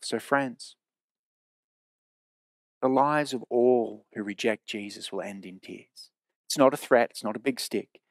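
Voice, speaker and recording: A man preaching a sermon in a church, earnest and emphatic, slowing down to repeat key phrases. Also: mid-range voice, dry recording, studio quality.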